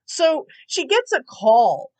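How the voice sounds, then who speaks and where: A woman's voice: sits high, wildly swooping pitch, slow, mellow. A young woman telling a storytime vlog in a chatty, rambling way, full of "like" and "you know," and amused as she retells it. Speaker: gaming YouTuber telling a storytime.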